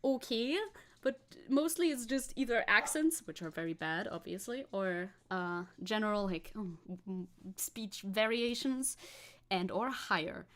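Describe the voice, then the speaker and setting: A woman chatting on a live stream, rambling and scatterbrained, laughing often between thoughts. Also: medium pitch. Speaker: VTuber streamer. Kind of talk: casual live-stream chat.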